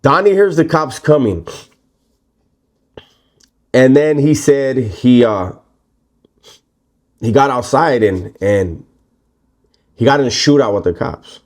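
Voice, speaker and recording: A man in the middle of a loose, casual story, his voice pitched right in the ordinary range for a man. He rambles, restarts and drops slang and curses as he goes. It sounds like easy storytelling between friends. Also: slow, long pauses. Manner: relaxed, rambling, heavy slang and swearing. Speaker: storyteller recounting prison life.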